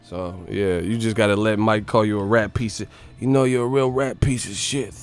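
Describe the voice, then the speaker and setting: A young man hosting a casual boxing live stream, talking loosely and profanely, now and then doing quick impressions. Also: lowish voice, clear, resonant tone, faint music behind. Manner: profane, animated, slips into impressions.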